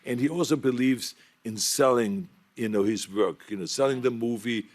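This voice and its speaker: A man with a German accent chats as a studio guest. His voice sits at an ordinary middle pitch. He tells anecdotes loosely, repeats himself and laughs along the way. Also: normal speed. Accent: German-accented English. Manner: chatty, laughs while telling anecdotes, repeats words. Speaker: talk show guest. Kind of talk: casual talk show storytelling.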